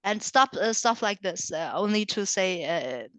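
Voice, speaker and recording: A woman guest in an interview, speaking candidly in a halting way, often repeating words as she searches for them. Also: mid-range voice, lively intonation, a bit bright, no room sound.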